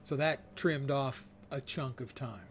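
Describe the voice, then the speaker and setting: A man's voice: mid-range voice, slow pace, faint music behind. A man streaming a game live, chatting casually with wry humor and muttering to himself as he reads. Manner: wry and chatty, mock-judging player names. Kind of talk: casual gameplay commentary.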